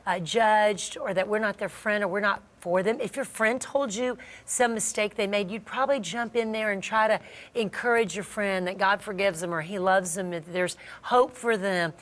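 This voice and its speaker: A middle-aged woman hosting a Christian marriage talk, telling a story in a lively way, acting out the voices she quotes and laughing often. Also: mid-range voice, moderate pace. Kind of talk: animated storytelling chat.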